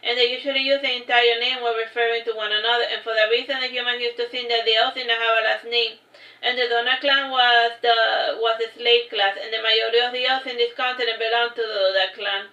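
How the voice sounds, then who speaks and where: A woman with a bright, fairly high voice reads a novel aloud in a steady, even tone, stopping now and then for offhand remarks. The sound is roomy and a little dull, like lo-fi stream audio. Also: a little fast. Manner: reads straight on, adding casual asides. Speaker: narrator reading her own book. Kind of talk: livestream read-aloud of a novel.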